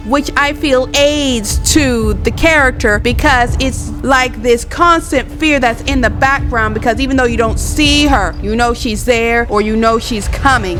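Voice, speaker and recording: High-voiced woman reviewing books over music. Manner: chatty, expressive, informal. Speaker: book reviewer. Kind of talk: casual book review monologue. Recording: music bed under voice.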